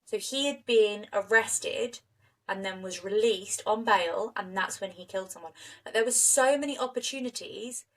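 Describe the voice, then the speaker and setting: A woman co-hosting a podcast, telling a true crime story in an animated, indignant way. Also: mid-range voice, normal speed, poor audio. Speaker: podcast co-host.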